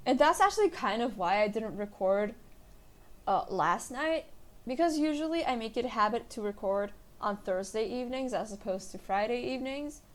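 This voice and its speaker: Young woman rambling through a solo podcast. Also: a little high. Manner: rambling, chatty, self-deprecating. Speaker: podcast host. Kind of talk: casual solo podcast chat.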